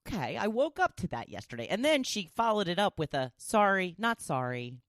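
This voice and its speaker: A middle-aged woman hosting her own podcast, talking casually and chattily, with big leaps up in pitch. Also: wildly swooping pitch, fast talker, dry recording, clean studio sound. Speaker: podcast host. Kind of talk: casual solo podcast talk.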